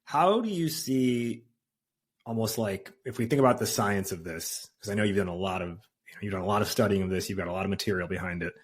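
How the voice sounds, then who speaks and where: A man's voice: fairly low pitch, fast, husky. A man hosting a podcast interview, asking questions casually and often restarting his phrases. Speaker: podcast host. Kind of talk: conversational interview.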